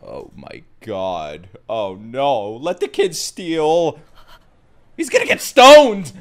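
A young man commenting on an anime episode as he watches it, often shouting, laughing and swearing. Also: mid-range voice, slow pace. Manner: loud excited outbursts and laughter, swearing. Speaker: anime reaction YouTuber. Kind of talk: excited reaction commentary.

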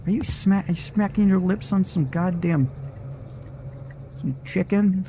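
A gaming streamer provides live horror game commentary, profane and jumpy, swearing and talking back at the game whenever it startles him. His voice is high-pitched, a little slow and warm, with slight background noise.

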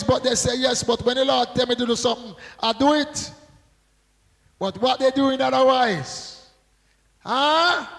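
A man delivers a slow, unhurried sermon in a strikingly high, gravelly voice. He keeps pulling the congregation in with questions and call-and-response prompts. His words ring out with the long reverb of a church hall. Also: fairly bright tone. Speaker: pastor.

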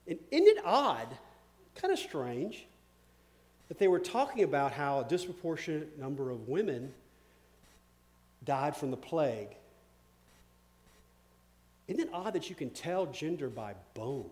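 A man preaching a sermon as pastor. He asks questions, repeats words, and swings from loud emphasis to a hush. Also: fairly high pitch, very animated, unhurried, pauses often.

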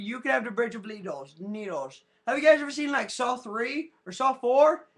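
Goofy rambling male vlogger, bright voice with lively swings, webcam mic. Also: very high-pitched, moderate pace. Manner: goofy, rambling, silly sound effects. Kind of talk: casual rambling webcam chat. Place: at home in front of a webcam. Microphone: built-in webcam mic.

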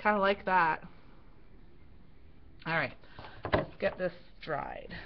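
A woman's voice: fairly low pitch, slow, vocal fry. A middle-aged woman hosting a casual craft livestream, giggling often as she tells a story while she works. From Canada. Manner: giggly, animated storyteller who laughs often. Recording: dull lo-fi stream audio with faint noise.

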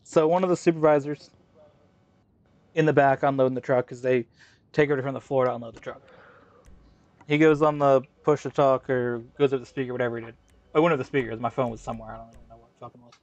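A man's voice: medium pitch, steady tone, fast talker, a little mellow, dry recording, lo-fi sound. A man hosting a gaming video, telling a long story in casual, profane chat full of slang fillers. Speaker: gaming channel host. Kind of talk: casual chat while racing in a game.

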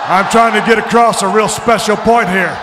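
Shouting man in a roaring arena. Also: sits high, steady tone, normal speed, noisy background. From Texas. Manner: shouting, mock-hurt, sarcastic, breaks into off-key singing. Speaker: professional wrestler. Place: large indoor wrestling arena. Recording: arena echo with loud crowd.

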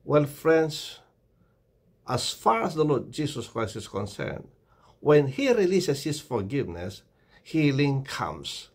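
A man's voice: medium pitch, very animated, slow, a little mellow, slightly rough. A man giving a short devotional sermon, earnest and exhorting, often calling the listeners "friends". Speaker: preacher.

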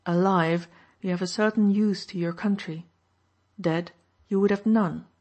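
A woman reading an audiobook, voicing a calm male soldier who speaks quietly and patiently. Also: on the low side, measured pace. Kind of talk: audiobook narration.

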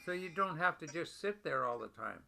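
An older man talking tenderly to his wife over a video call, gentle and affectionate, often repeating pet names. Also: on the high side, animated, a little fast, vocal fry, a little hiss or hum.

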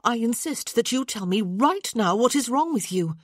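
A woman's voice: a little high, lively intonation, normal speed, no echo, studio quality, voice pushed up. A woman voicing a young noblewoman who speaks sharply and insistently, scolding in an audiobook. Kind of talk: audiobook character voice.

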